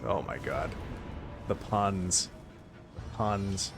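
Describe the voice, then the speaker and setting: A man's voice: fairly low pitch, animated, slow pace, pauses often, noisy background. A Canadian man chatting casually with his stream chat while playing a game, wry and prone to joking swears. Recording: game music playing behind.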